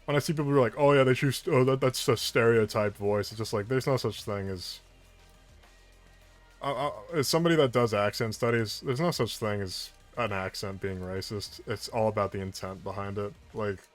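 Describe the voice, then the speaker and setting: A man's voice: lowish voice, moderate pace, soft background music. A man who voices characters, chatting animatedly on a livestream and often restarting his sentences. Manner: animated and talkative, with frequent restarts and laughs. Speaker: voice actor. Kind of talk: casual chat on a livestream.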